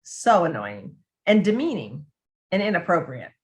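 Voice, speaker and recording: Her voice is lowish and unhurried, with big swings in pitch. She writes on dementia care and presents conversationally, chatting, frequently starting over, and acting out the voices in her quotes.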